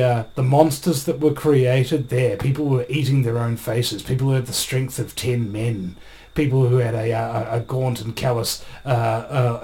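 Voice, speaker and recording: A man with a New Zealand accent, a guest telling rambling, animated stories in a casual interview. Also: mid-range voice.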